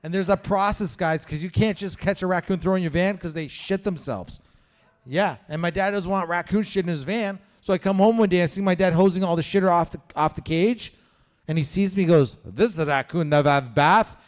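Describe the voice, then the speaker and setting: A man's voice: sits high, brisk, darkish tone. A man from Canada doing a stand-up comedy set, telling a story with lots of swearing and acting out the voices. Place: comedy show venue with live audience.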